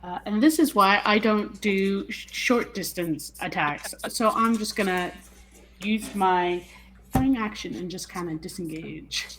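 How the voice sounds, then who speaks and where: Brief: woman player, middle pitch, casual and musing, faint hiss behind. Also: a little slow, a bit bright, low-quality recording. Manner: thinks aloud while deciding. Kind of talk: casual tabletop game chat.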